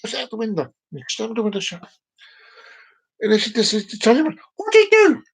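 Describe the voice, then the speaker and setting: A man's voice: high voice, fast talker, vocal fry, husky, poor audio. A man hosting a live stream, chatting casually and telling a joke, rambling, repeating phrases and tripping over his words.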